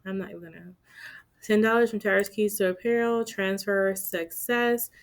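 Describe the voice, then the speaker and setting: This budgeting vlogger speaks at a moderate pace in a mid-range voice with fairly even intonation. She walks viewers through her budget casually, staying chatty and playful and making asides to herself.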